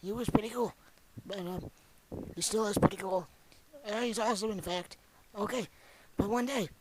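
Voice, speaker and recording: A young man voicing a boastful, rambling ancient old man who tells a crude, excitable tall tale in an amateur comedy bit. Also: high-pitched, slight background noise, lightly acted, low-quality recording.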